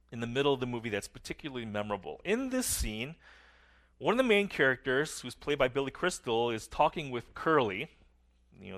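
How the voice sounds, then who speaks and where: A middle-aged man preaching a sermon earnestly, his phrases often trailing off softly at the ends. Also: mid-range voice. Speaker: pastor.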